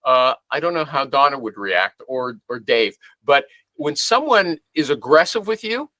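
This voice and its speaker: Man, host, bright tense voice, dry close sound, probing questions. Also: medium pitch, sing-song, normal speed, no room sound. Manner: probing, thinks aloud. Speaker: show host. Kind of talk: casual podcast chat.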